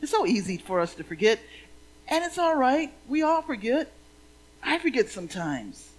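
A woman's voice: high voice, very animated, normal speed, low-quality recording. Woman, minister, conversational sermon, playful preaching.

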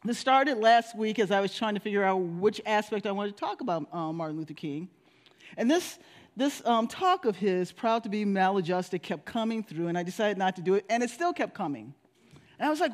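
A woman's voice: mid-range voice, moderate pace. Woman pastor preaching, storytelling. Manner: storytelling, with animated voices for quoted people. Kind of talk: sermon.

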